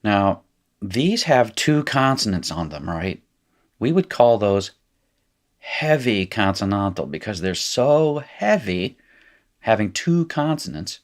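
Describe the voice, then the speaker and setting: A man with a very low voice and an Appalachian accent from North Carolina talks through a recorded lesson. He explains at a relaxed pace, often correcting himself mid-sentence and checking in with "right?". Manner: casual, self-correcting explainer who laughs at his slips. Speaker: teacher. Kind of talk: recorded lecture.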